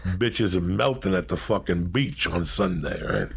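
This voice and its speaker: Middle-aged man, raspy deep gravel, brash profane storyteller. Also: unhurried, slight background noise. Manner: brash, crude and animated. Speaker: storyteller guest.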